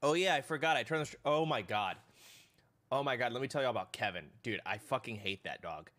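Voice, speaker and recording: A man live streaming, telling his chat a rambling, profane story in a casual, animated way. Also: medium pitch, fairly quick.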